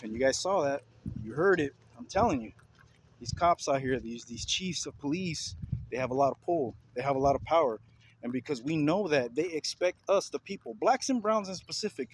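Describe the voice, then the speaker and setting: Angry guy venting at the camera, kinda high voice, slight hiss behind. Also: animated, a little fast. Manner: heated, repetitive, confrontational. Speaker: vlogger. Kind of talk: ranting video commentary.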